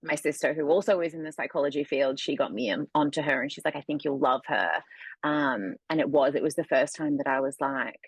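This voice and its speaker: A woman with a low, husky voice talks candidly in a relaxed podcast chat. Her delivery is dry and close, with no room sound around her. She often slips into lively quoted voices to make her point. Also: fairly quick, no echo. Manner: candid, animated when acting out quotes. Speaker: guest, food coach. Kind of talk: casual conversation.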